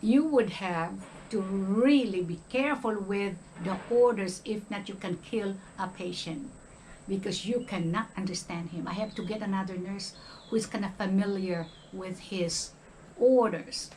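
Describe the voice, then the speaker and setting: A woman's voice: medium pitch, a little slow, darkish tone, a little hiss or hum, low-quality recording. An older woman from the Philippines with a Filipino accent, talking in a casual vlog monologue and often checking in with "okay?". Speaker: retired nurse vlogger.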